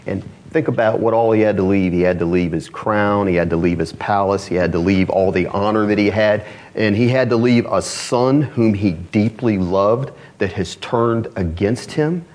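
A pastor delivers a sermon in a mid-pitched male voice. He reads quotations aloud slowly and deliberately, then lifts his voice to stress the key phrases. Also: darkish tone. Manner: preaching with rising emphasis on key phrases.

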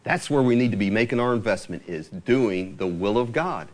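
A man preaching a sermon, quoting scripture with lively, rising emphasis. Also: lowish voice, normal speed.

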